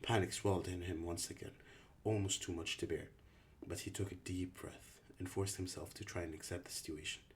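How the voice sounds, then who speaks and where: A man narrating an audiobook in an even, steady storytelling voice. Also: deep voice, brisk, a little hiss or hum. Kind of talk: audiobook reading.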